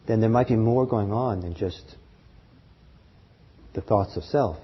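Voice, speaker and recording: Guy teaching a meditation class, kinda husky low voice, lots of ums and restarts, muffled old recording. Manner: halting, many fillers and restarts, gentle chuckles. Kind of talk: dharma talk to a group. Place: meditation hall with a live group. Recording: dull lo-fi talk recording.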